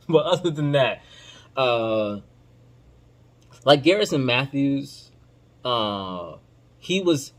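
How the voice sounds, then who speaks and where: On his podcast, a man riffs on basketball in an informal, emphatic style packed with slang, lurching from loud outbursts to low mutters.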